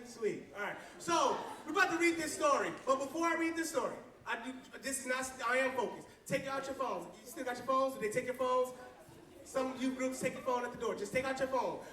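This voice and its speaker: High, bright-voiced playful youth pastor. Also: male voice, roomy sound, far from the mic. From Flint, Michigan. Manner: playful, call-and-response, often laughing. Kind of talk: joking youth sermon. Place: church hall with audience.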